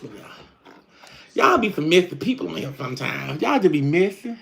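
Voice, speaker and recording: A man's voice: on the high side, very animated, normal speed, gravelly, a bit bright, heavily acted. A man playing a sassy middle-aged country woman, chatting in country slang on a live stream. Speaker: livestream host. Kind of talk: casual live-stream chat.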